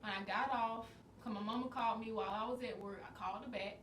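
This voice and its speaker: A woman co-hosting a casual podcast, telling stories in a relaxed, rambling way. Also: on the high side, fast talker. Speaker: podcast co-host. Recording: roomy, distant mic with faint noise.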